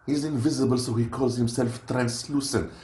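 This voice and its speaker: A man's voice: mid-range voice, fairly even intonation, normal speed, a little mellow. A man from Lebanon, rambling and joking through a casual snack review and stopping to hunt for words. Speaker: unboxing vlogger. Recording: roomy echo with faint noise.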